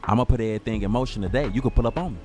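A man's voice: medium pitch, racing, soft background music. A man narrating a comic street story in slang, acting out the dialogue. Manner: slangy and animated, acts out dialogue.

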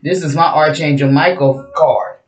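A woman's voice: low-pitched, moderate pace. Brash, profane woman doing a casual tarot reading, recorded in a roomy, echoing space. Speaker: tarot reader. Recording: roomy echo.

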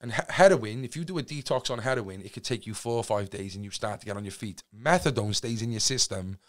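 A young man with a Cardiff accent, a podcast guest telling a story in a casual, animated way and acting out what people said. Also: on the low side, quick pace. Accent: Welsh, Cardiff. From Wales. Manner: animated, acts out quotes, swears freely.

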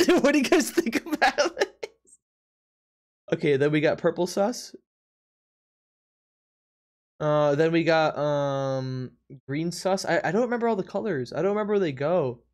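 A live streamer chatting casually with the audience during a drawing game, laughing often and talking in quick bursts with stumbling restarts. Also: medium pitch, a little mellow. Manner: chatty, laughs often, talks straight to the chat.

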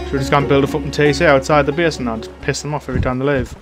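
A young man commentating his own gameplay in casual chat, excitable and swearing a lot, shouting taunts at other players. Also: medium pitch, rapid-fire, over music. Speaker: gaming channel host.

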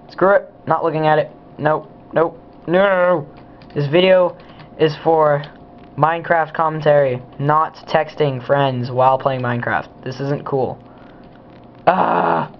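A teenage boy, a gamer, rambles goofily to himself while playing, giving casual commentary in a fairly high voice. The home recording sounds dull and lo-fi, with a little hiss or hum.

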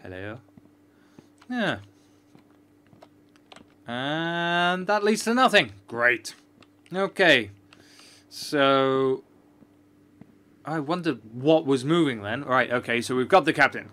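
A man's voice: mid-range voice, expressive, takes it slowly, pauses often, sharp tone. A man giving chatty, joking, sarcastic commentary while playing a video game. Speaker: gamer. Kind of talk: let's-play commentary.

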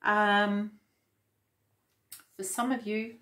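A woman giving a casual tarot reading, gentle and reflective, with many fillers and restarts. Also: medium pitch, level tone, very slow. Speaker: tarot reader.

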